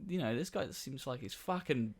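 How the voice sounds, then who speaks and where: A man co-hosting a podcast, reacting in casual chat with sweary quick quips. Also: medium pitch, animated, slightly rough. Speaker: podcast co-host.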